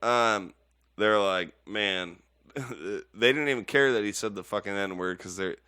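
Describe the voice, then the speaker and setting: A man's voice: on the low side, unhurried, sharp tone, clean tone, dry recording, studio quality. A man co-hosting a casual podcast, rambling and swearing as he laughs through his stories. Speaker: podcast co-host.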